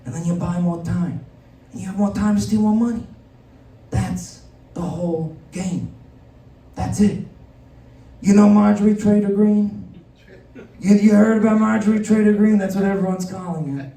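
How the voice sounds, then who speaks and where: A man doing a low, conspiratorial mafia-boss impression of a scheming president in a live comedy sketch. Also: mellow. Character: mobster-style impression of a male president, scheming and boastful. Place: comedy venue stage. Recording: roomy venue sound from far off.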